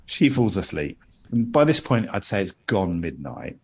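A man spins a long, self-deprecating anecdote in easy chat. His voice sits low and sounds a little husky. His pitch swings widely as he tells it. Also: very animated, moderate pace, darkish tone. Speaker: podcast host telling a story. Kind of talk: casual storytelling chat.

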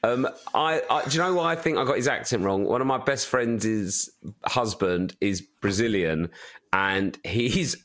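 A man's voice: medium pitch, a little slow, a bit bright. Tired man telling a rambling story. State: tired and hungover. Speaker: podcast co-host. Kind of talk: casual comedic chat.

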